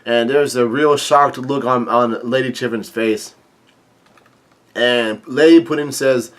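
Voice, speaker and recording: Halting man reading a comic aloud. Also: medium pitch, steady tone, a bit bright. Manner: halting, many fillers and restarts; reads dialogue aloud with light commentary. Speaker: manga chapter reader. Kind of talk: casual manga read-through.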